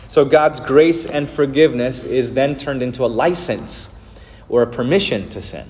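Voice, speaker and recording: A man's voice: medium pitch, normal speed, darkish tone, long reverb tail. A man preaching a sermon as pastor, earnest and explanatory, with frequent filler words.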